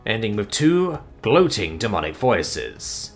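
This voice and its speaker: A man narrating a sci-fi war story in an animated, expressive way, with sudden swings in pitch and loudness. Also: slow, soft background music.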